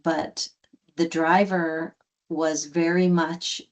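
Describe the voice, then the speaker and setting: A woman's voice: deep voice, very slow. A woman, a guest and adoptive mother, telling a story in conversation and acting out the quoted lines with many restarts. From United States. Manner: animated, acts out quoted dialogue with restarts.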